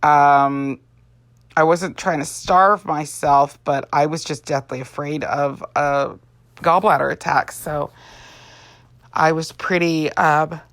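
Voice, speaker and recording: A woman's voice: deep voice, steady tone, slow, no room sound. A tired woman in her forties, an Avon representative chatting in a rambling way while doing her makeup. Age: 40s. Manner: rambling, chatty, with many fillers. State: tired, yawning. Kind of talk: casual makeup vlog chat.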